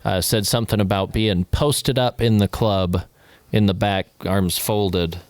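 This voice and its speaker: A man's voice: fairly low pitch, steady tone, a little slow, dry recording. A man co-hosting a podcast, chatting casually in a dry, wry way. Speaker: podcast co-host. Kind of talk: casual chat.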